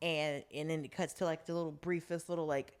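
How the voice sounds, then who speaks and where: A woman's voice: sits low, fairly quick, clear, resonant tone. A woman co-hosting a podcast, casually recapping a drama and acting out the characters' lines. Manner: animated storyteller, acts out characters' lines. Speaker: podcast co-host.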